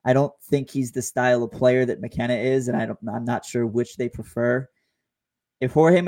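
A man co-hosting a casual sports talk show, speaking in a measured way with frequent stammered restarts. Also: mid-range voice, darkish tone. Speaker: podcast co-host.

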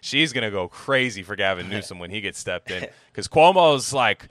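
A man chatting on a podcast, crude and jokey, tripping over his words and starting over a lot. His voice is bright and forward, and the close mic is dry with no room sound. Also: fairly low pitch, expressive, normal speed, dry recording. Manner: crude, joking, stammers and restarts often. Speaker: podcast co-host. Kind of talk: casual podcast banter.

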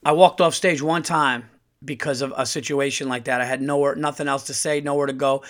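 A man who is a comedian and podcast host, telling stories in a casual, profane monologue that climbs to loud outbursts when he gets heated. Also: mid-range voice, fairly quick. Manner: animated, profane, rising to shouting when heated.

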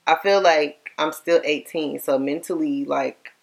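A young woman with a fairly low voice co-hosts a casual podcast chat. She is chatty and fills her talk with "like" and rhetorical questions. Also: measured pace, vocal fry, darkish tone. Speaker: podcast co-host.

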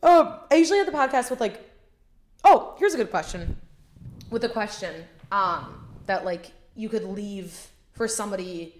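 A woman's voice: medium pitch, expressive, moderate pace. A young adult woman hosting a podcast, chatting casually and rambling with lots of "like" fillers and swearing. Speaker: podcast host. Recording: roomy echo.

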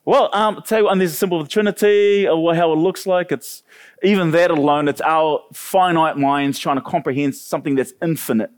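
A man hosting a church panel, telling a personal story in a lively way and acting out the other voices. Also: fairly high pitch, fairly quick, clean tone. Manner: animated, acts out quoted voices.

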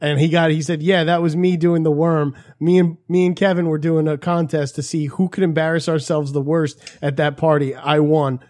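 Animated storytelling man, higher voice. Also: moderate pace, few pauses. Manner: animated storyteller, acts out quotes. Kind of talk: casual chat.

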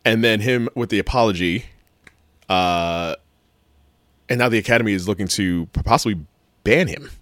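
Casual podcast co-host, male, lowish voice, rambling and animated, dry close sound. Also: normal speed, long pauses, no room sound. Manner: rambling, animated, self-correcting, swears casually. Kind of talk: casual chat.

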